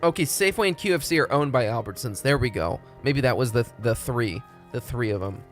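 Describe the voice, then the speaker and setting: A man's voice: mid-range voice, expressive, fairly quick, faint music behind. A young man from Texas, chatting casually and profanely on a live stream. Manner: rambling, profane, laid-back.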